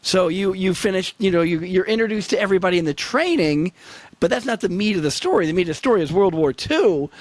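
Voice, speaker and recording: A man's voice: sits high, animated, fast talker, no echo. A man co-hosting a casual history discussion over a video call, explaining slang terms with examples. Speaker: podcast co-host.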